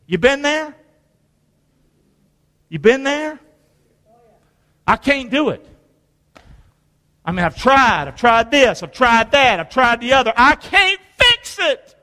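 A man preaches a sermon in a church, his voice high and bright. He pulls the congregation into call-and-response, dropping to near whispers and then rising to shouts. The sound rings with long reverb from the hall. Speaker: pastor.

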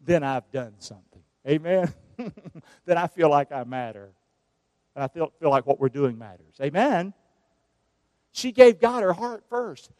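A man's voice: a little high, lively intonation, a little slow, pauses often, darkish tone, no room sound, studio quality. A man preaching a sermon as pastor, drawing the congregation into call-and-response. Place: church sanctuary.

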